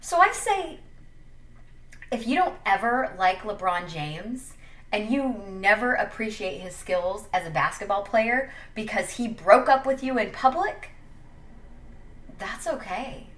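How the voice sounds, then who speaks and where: Young woman sports vlogger, sassy and jokey, swinging pitch, echoey room with a distant mic. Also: animated, measured pace, fairly bright tone. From Wyoming. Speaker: sports commentator. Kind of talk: casual opinion vlog.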